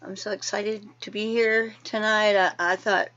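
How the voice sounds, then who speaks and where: A woman's voice: medium pitch, level tone, moderate pace, fairly bright tone, lo-fi sound. A woman chatting casually at an online open mic, friendly and rambling. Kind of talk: casual chat.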